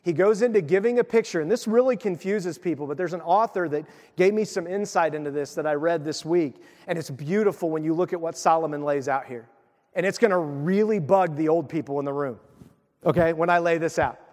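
Animated male preacher in a reverberant hall. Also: a little high, brisk. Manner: animated, conversational preaching with playful acted asides. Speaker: pastor. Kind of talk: sermon.

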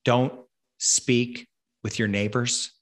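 A man's voice: medium pitch, little pitch movement, slow pace. A man hosting a conversation, ranting angrily and emphatically with lots of swearing. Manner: profane, angry, emphatic ranting. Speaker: podcast host.

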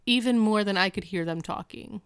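A woman's voice: medium pitch, a little fast, smooth, no echo, clean studio sound. A woman co-hosting a podcast, chatting casually as she recaps a TV episode and acts out lines in quoted voices. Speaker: podcast co-host.

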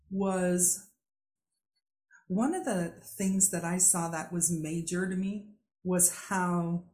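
A woman hosting a podcast, telling a story in a heartfelt, drawn-out way. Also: fairly low pitch, a little mellow. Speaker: podcast host. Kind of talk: conversational interview. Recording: echoey room.

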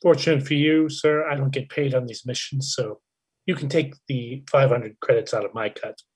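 A man playing a formal, deadpan droid in a tabletop game. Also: medium pitch, moderate pace, slightly rough, close to an everyday voice. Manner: formal, deadpan, calls the other player sir. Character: deadpan male droid, dry and calculating.

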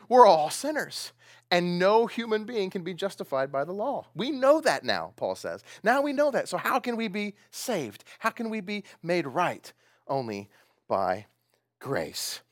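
A man preaching a sermon with a lively, swooping delivery that rises and falls a great deal. His voice sits a little high for a man. He asks his listeners questions and often breaks into laughter, recorded close and dry with almost no room sound. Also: dry recording. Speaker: pastor.

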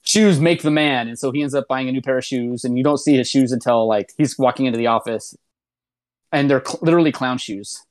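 A man's voice: medium pitch, fast, a little mellow. A man in casual conversation, retelling at length in a loose, rambling way with lots of filler words. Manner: rambling retelling, many "um"s and "like"s, restarts. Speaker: podcast co-host reviewing a comedy show. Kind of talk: casual chat.

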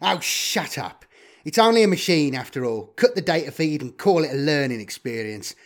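Male reader as a sardonic, greedy trader, lively pitch. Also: normal speed, natural voice. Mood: smug. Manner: smug, sardonic.

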